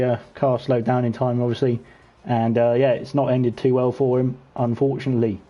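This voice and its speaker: A man's voice: mid-range voice, normal speed, muffled recording. A British man hosting an online racing league, chatting and teasing the drivers while he commentates from a home gaming setup. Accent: British English. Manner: chatty, teasing, lively when racing action picks up. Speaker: league race host and commentator. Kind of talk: casual sim-racing stream commentary.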